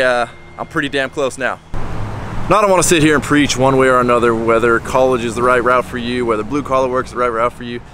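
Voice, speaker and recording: A man's voice: mid-range voice, fairly bright tone, a little hiss or hum. A man in his twenties, a contractor, talking candidly and bluntly in a casual vlog, swearing now and then. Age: 20s.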